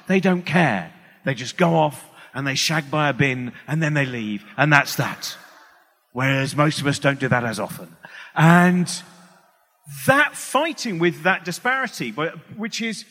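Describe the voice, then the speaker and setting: A man's voice: a little high, animated, moderate pace, bright, forceful tone. A middle-aged man giving a comic talk on stage. He rambles, breaks off mid-sentence, and acts out the voices of the people he quotes. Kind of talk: stand-up style public talk. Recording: long hall reverb.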